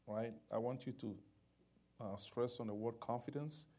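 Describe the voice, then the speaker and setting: Male preacher, mellow tone, church sermon, fervent prayer into emphatic teaching. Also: mid-range voice, moderate pace. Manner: repetitive fervent prayer addresses, then rising emphatic preaching.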